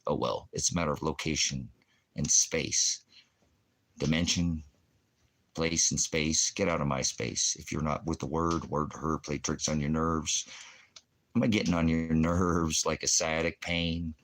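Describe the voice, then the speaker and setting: A man's voice: low-pitched, fairly bright tone. A man hosting a ministry stream, ranting in a rambling, combative way, full of puns and profanity. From Oregon, USA. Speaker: ministry host.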